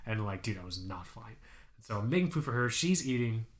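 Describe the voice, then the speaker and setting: A young man co-hosting a podcast, telling a personal story in casual chat, animated, laughing often and swearing. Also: fairly low pitch, brisk. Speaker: podcast co-host.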